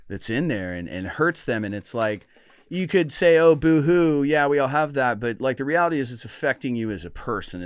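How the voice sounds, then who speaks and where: Middle-aged man, podcast host, smooth resonant voice, earnest, reflective, halting restarts. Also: lowish voice, no room sound, studio quality. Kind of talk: casual chat.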